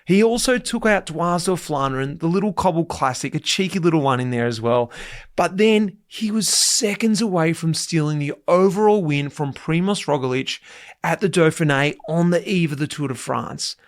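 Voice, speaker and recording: A man hosting a podcast, chatty and animated as he tells stories. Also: on the high side, moderate pace. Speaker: podcast host, former pro cyclist. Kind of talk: casual podcast interview.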